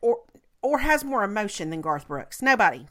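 A woman's voice: medium pitch, sing-song, moderate pace, pushed and bright. A woman co-hosting a podcast, gushing and enthusiastic in casual chat. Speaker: podcast co-host.

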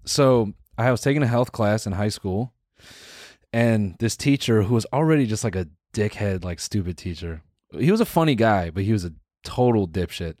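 A man's voice: on the low side, animated, moderate pace, a little mellow, dry recording, clean studio sound. A man co-hosting a podcast, chatting in a casual, slangy way and telling stories from school. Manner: casual, slangy storyteller who says "bro" and "dude". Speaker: podcast co-host.

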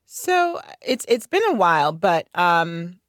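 A woman contractor with a low voice speaks candidly as a radio interview guest. She is chatty and laughs often, with plenty of fillers. The recording is dry and close. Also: big pitch swings, slow, dry recording. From North Carolina. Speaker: guest, licensed general contractor.

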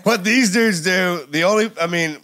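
A man co-hosting a podcast while feeling sick, talking in a relaxed, rambling way. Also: sits high, normal speed. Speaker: podcast co-host. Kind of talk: casual podcast chat.

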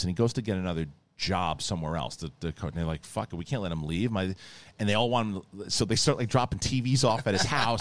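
A man hosting a podcast, chatting casually and retelling TV episodes in a rambling way, with lots of restarts and acted-out quotes. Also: deep voice. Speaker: podcast host. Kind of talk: casual chat.

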